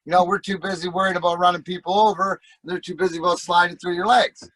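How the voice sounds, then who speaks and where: Middle-aged man, casual storytelling, profane and animated, fairly high voice, dry close sound. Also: quick pace, no room sound, poor audio. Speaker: guest, former hockey player.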